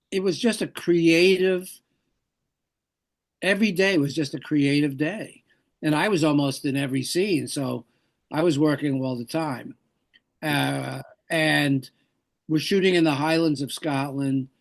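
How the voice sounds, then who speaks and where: An older man settles into an interview anecdote, his voice gravelly and sitting a touch high. He wanders and corrects himself as he goes, quoting the people in his story. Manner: rambling anecdotes with self-corrections. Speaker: actor, interview guest.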